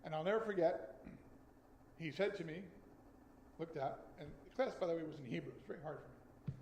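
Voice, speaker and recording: An American man in his sixties telling a personal story at a Friday night service, then reading a poem slowly and deliberately. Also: a little high, darkish tone, slight background noise. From United States. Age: 60s. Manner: conversational, with slow deliberate reading. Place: synagogue sanctuary. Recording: echoey room with faint ambience.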